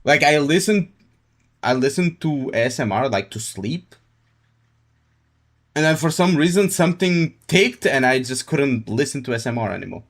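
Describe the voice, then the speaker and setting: A man's voice: medium pitch, expressive, moderate pace, a bit bright. A male livestreamer chatting casually with his audience, laid-back and jokey, reacting to chat with laughs. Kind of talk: casual live-stream chat.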